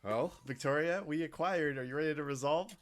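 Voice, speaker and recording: A game master narrating a tabletop role-playing game, halting and full of fillers. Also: mid-range voice.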